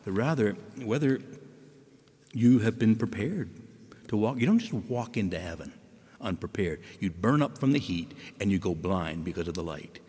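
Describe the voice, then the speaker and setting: Animated preacher in a reverberant hall. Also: male voice, fairly low pitch, normal speed, slightly rough. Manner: animated, asks listeners questions. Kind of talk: sermon. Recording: long reverb of a large hall.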